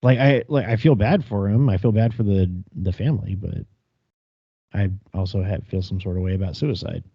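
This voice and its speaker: A man's voice: fairly low pitch, normal speed, husky, no room sound, highs cut off. A man co-hosting a podcast, joking in a wry, profane way through casual chat. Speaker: podcast co-host.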